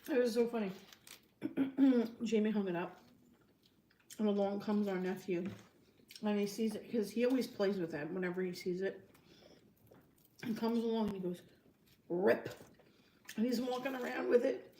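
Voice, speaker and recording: A woman's voice: mid-range voice, normal speed, pauses often, mellow. A woman co-hosting a casual eating stream, chatty and giggly as she tells stories. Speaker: co-host of a mukbang stream. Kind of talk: casual chat while eating. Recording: echoey room with faint noise.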